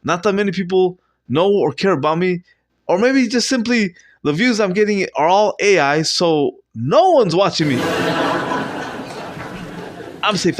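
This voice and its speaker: A young man rambling through a solo comedy monologue at home, swinging from low mutters to loud shouted bursts and swearing often. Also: lively intonation, unhurried, noisy background. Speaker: vlogger doing improv comedy. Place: at home, indoors.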